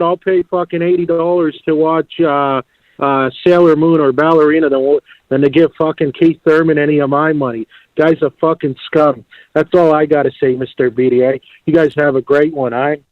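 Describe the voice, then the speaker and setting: A man's voice: fairly high pitch, fairly even intonation, normal speed, no room sound. A man calling in to a talk show, crude and sarcastic, heard over a phone line. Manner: crude, sarcastic, calls the host "Chief". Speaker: caller. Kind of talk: call-in chat.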